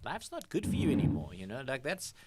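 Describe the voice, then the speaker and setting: A man co-hosting a casual podcast chat, jokey and quick to laugh. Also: medium pitch, wildly swooping pitch, darkish tone, husky. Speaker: podcast co-host.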